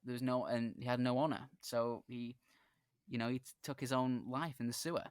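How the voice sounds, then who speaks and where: A male podcast host talks in a casual chat, telling a story earnestly and stopping to restart his sentences. His voice sits at a middle pitch. The sound is dry and close, with no room echo. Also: fairly even intonation, brisk, clear, resonant tone. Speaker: podcast host and dungeon master.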